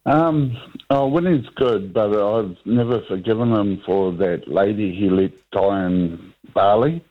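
A New man calls in to talk radio, speaking slowly in a fairly low voice. He rambles and hesitates, with plenty of ums and restarts. His voice comes through a thin, tinny phone line. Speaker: radio caller. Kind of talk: talkback radio call.

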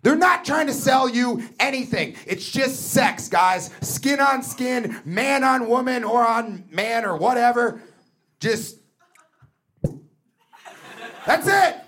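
A man doing a stand-up set, rambling and emphatic, shouting his punchlines. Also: extremely high pitch, expressive, slow pace, long pauses, slight background noise. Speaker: stand-up comedian.

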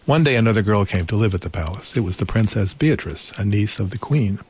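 A man reading a children's storybook aloud in a gentle, unhurried way, adding small asides. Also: lowish voice, lively intonation, slightly rough.

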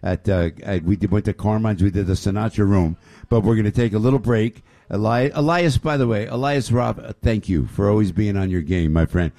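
A man hosting a lively radio show, effusive and often raising his voice. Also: fairly low pitch, no room sound. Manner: excitable, effusive, raises voice often.

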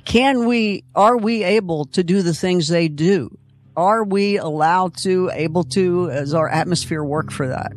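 A man's voice: sits high, a little slow. A man hosting a late-night radio call-in show, upbeat and chatty as he takes calls and wraps up segments. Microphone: studio microphone.

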